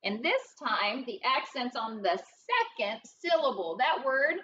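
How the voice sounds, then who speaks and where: A woman's voice: on the high side, lively intonation, unhurried, a bit bright, recorded from a distance, muffled recording, a little hiss or hum. A woman teaching a recorded phonics lesson, explaining step by step in a patient, encouraging, sing-song way.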